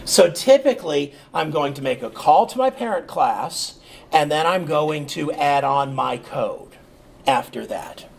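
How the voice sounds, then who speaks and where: Slow, gravelly man teaching code. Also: on the high side, a little hiss or hum. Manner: relaxed, thinking aloud with fillers and "okay?" checks. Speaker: programming instructor. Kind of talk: screen-recorded coding lecture.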